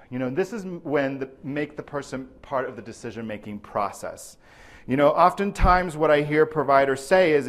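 Lively man lecturing clinicians. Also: fairly high pitch. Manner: animated, often checks in with the audience with "right?". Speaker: presenter at a clinical training. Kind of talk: live lecture to healthcare providers.

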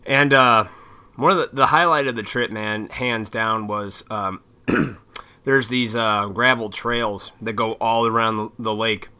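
A man's voice: fairly low pitch, steady tone, a little slow, pushed and bright, clear, resonant tone. A young adult man hosting his own vlog, rambling casually with lots of fillers and easy swearing. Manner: laid-back, swears casually, frequent fillers. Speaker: vlog host.

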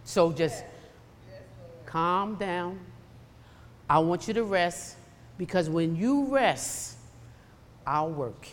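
A woman voicing God as a calm, firm fatherly figure who speaks low and hushed, with patience. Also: very slow, long pauses, in a large hall.

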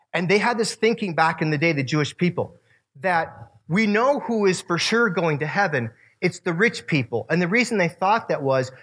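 Bright-voiced animated male preacher. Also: on the high side. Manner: casual, animated preaching with slang. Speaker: youth pastor. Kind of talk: sermon.

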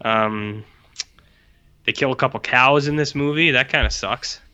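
Rambling jokey man, bright, slightly dull recording. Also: medium pitch, a little slow, smooth. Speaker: podcast co-host. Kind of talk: casual chat. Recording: dull lo-fi sound.

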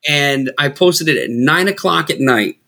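A man with a Boston accent chats loosely and swears constantly as he tells his stories with animation. His voice sits a bit high and rings bright and sharp. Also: a little slow, creaky. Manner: profane, animated storytelling, slips into loud impressions. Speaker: guest, food content creator. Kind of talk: casual chat.

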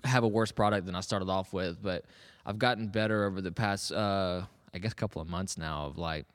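A man's voice: low voice, brisk, long reverb tail. A man in his thirties co-hosting a podcast, chatting casually and rambling with frequent restarts and laughs. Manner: rambling, self-interrupting, laughs often. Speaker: podcast co-host. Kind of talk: casual chat.

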